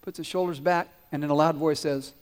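In a church sanctuary, a pastor gives a children's sermon, his fairly high voice trailing into a long hall reverb. He quizzes the kids, waits for their replies, and then tells stories animatedly, swelling to loud peaks at the climaxes. He talks a little fast.

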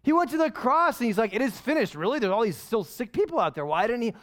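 A male pastor preaching a sermon in an animated, conversational way full of rhetorical questions. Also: very high-pitched, quick pace.

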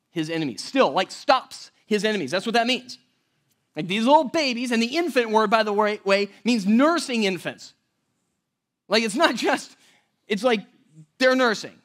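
A man preaching a sermon as pastor, conversational and animated, often checking in with the audience. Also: high voice, unhurried, long pauses.

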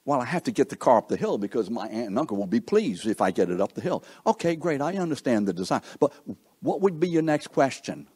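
A man's voice: mid-range voice, very animated, fast, few pauses, a little mellow, slightly rough. A man preaching a sermon in a conversational way, often asking his listeners questions and acting out what people think. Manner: conversational, asks the listeners questions, acts out quoted thoughts.

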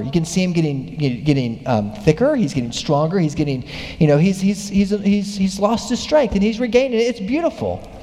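A male preacher with a slightly high voice tells a story from the pulpit, growing more animated as he goes. His words ring out into a long hall reverb. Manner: animated storytelling, voice rising with excitement. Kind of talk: sermon.

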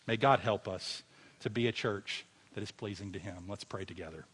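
Earnest pastor preaching. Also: male voice, on the low side, normal speed, fairly bright tone, husky. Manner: earnest exhorting preacher, rising to fervent emphasis. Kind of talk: sermon with closing prayer.

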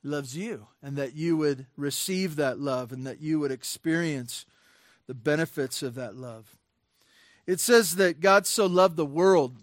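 A man's voice: a little high, unhurried, no room sound. Man preaching in a dry room. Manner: conversational preaching with frequent fillers and restarts; rises to emphatic bursts on key points. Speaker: pastor. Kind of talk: sermon.

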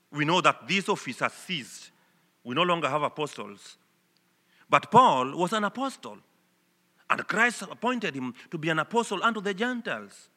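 A man from Kenya preaching a sermon, swinging between loud emphatic declarations and soft, earnest appeals. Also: high-pitched. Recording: long hall reverb.

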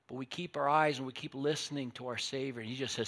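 An older man preaches a storytelling sermon in a gravelly, fry-touched voice at a middle pitch. He drops low and quiet for asides, then rises loud and emphatic to drive his points home. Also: a little fast. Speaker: pastor.

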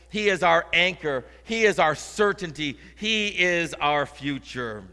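A male interim pastor preaching a sermon, moving between quiet, earnest storytelling and loud, fervent proclamation. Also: a little high, expressive, takes it slowly, hardly any pauses. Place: church sanctuary. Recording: church hall reverb.

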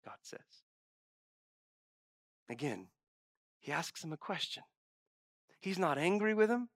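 A man preaching a sermon as a pastor. He swings from hushed, intimate asides to loud, emphatic exclamations, and he voices God's questions in a pleading, exasperated tone. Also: a little high, lively intonation, slow, no room sound, studio quality.

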